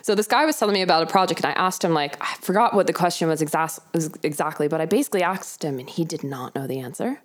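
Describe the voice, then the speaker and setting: A woman's voice: low-pitched, fast, few pauses. A young woman with a Southern American accent, co-hosting a casual chat and telling stories with lots of laughter. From Southern United States. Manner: animated storytelling, laughs often, acts out quoted voices. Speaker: podcast co-host.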